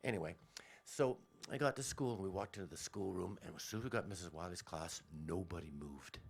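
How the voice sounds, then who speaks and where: A man with a low, gravelly voice spins a childhood tale on the radio, wandering off track and circling back with asides. His delivery is loose and conversational, full of self-corrections. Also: brisk. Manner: rambling, self-interrupting. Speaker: storyteller. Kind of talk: radio storytelling.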